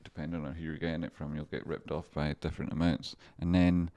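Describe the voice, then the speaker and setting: Brief: male streamer and trader with a low voice, loose and chatty, swears freely, laughs a lot between points. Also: flat delivery, quick pace, mellow. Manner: rambling, swearing, laughs often. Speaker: livestream stock trader. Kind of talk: casual livestream commentary.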